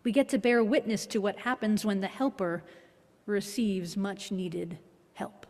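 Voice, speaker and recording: A woman minister giving a reflective, measured sermon with a gently wry touch. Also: medium pitch, fairly even intonation. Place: worship hall. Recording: long hall reverb.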